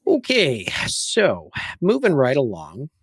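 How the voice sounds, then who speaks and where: A man's voice: medium pitch, wildly swooping pitch, slow pace, slightly rough, no room sound. A man co-hosting a casual car podcast, making dry, wry quips. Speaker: podcast co-host. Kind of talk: casual chat.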